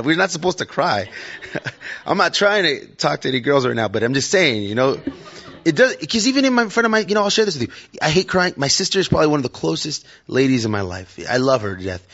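A man's voice: on the low side, fairly bright tone, lo-fi sound. A man giving a casual, conversational sermon to his church and joking with the audience. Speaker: lay preacher. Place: church hall.

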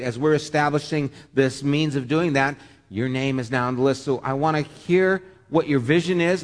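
A man preaching as pastor, earnest and heartfelt, often stammering and repeating words. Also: a little high. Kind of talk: sermon. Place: church sanctuary. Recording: long reverb of a church hall.

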